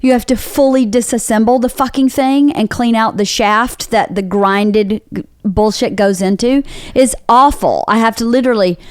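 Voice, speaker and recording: A woman's voice: on the high side, moderate pace, no room sound, clean studio sound. A woman hosting a podcast, telling a story in casual chat with lots of swearing and acted-out quotes. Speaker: podcast host.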